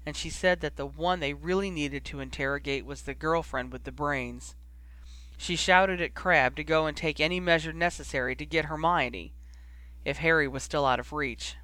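A man's voice: on the high side, pushed and bright, smooth, dry recording. A man reading a fan fiction story aloud as an audiobook, narrating and voicing the dialogue lightly. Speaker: audiobook reader.

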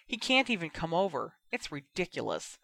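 A man's voice: fairly high pitch, big pitch swings, moderate pace, gravelly, sharp tone, no echo, exaggerated voice. Man voicing a fiery eager teenage girl. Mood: frustrated. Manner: heated, eager, pleading. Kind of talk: audiobook character voice.

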